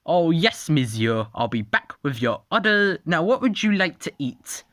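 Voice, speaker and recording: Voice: mid-range voice, very animated, a little slow, a bit bright, no room sound, studio quality. A storyteller putting on a smug French chef dinosaur. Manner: fake French flourishes.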